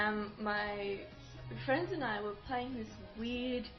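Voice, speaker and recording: A woman's voice: medium pitch, slow. A young woman, telling a story to her viewers in a chatty, rambling way, acting out what people said. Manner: chatty, rambling with fillers and acted-out quotes. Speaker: vlogger. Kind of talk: casual storytelling to camera. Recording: dull lo-fi audio with faint music.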